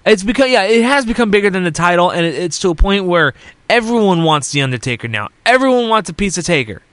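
A man co-hosting a wrestling podcast, recapping a show in a rambling, halting way full of fillers and restarts. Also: high voice, expressive, fairly bright tone, clear, resonant tone, no room sound. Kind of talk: casual chat.

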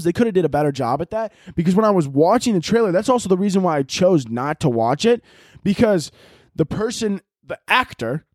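A man's voice: sits high, no echo, studio quality. A man hosting a podcast, ranting casually with lots of swearing and rambling restarts. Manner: rambling, profane, animated. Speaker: podcast host. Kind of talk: casual comedic rant.

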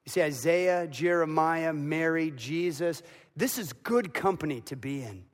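A man's voice: on the high side, measured pace. Man preaching in a reverberant hall. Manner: dramatic, builds to loud emotional peaks. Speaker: pastor. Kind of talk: sermon. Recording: long reverb of a large hall.

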